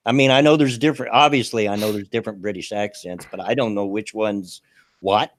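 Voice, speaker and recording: A man's voice: on the low side, fairly even intonation, fairly quick. An older American man with a Southern accent, chatting folksily on a streamed show and chuckling often. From United States. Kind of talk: casual podcast chat.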